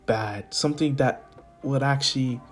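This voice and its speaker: A man voicing a worried mother who speaks slowly and half in a whisper. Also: mid-range voice, faint music behind, close to an everyday voice. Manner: slow, hushed, half-whispered. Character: worried soft-spoken mother, hushed.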